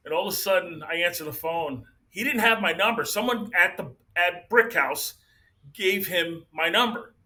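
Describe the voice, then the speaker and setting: A middle-aged man on a podcast, telling stories in a relaxed, chatty way. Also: high voice, moderate pace. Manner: relaxed, chatty, laughs along. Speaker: podcast co-host or guest. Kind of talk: casual storytelling.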